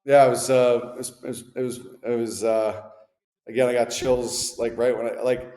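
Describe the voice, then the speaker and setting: A man's voice: medium pitch, moderate pace. A man in his thirties, a former hockey player, telling laid-back, slangy stories as an interview guest. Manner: laid-back, animated anecdotes with slangy asides. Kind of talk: casual storytelling interview. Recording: echoey room with long reverb.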